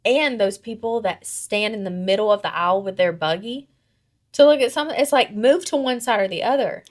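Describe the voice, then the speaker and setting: A woman's voice: medium pitch, fairly quick. A woman co-hosting a podcast in casual chat, brash, profane and teasing. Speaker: podcast co-host.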